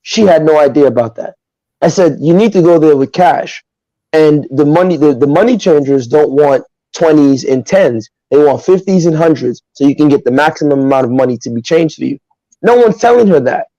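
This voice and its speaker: A man from Nigeria, a guest on a podcast livestream, telling stories in an animated, emphatic way with lots of asides. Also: a little high, fairly quick, no echo, dull audio. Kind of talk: casual podcast chat.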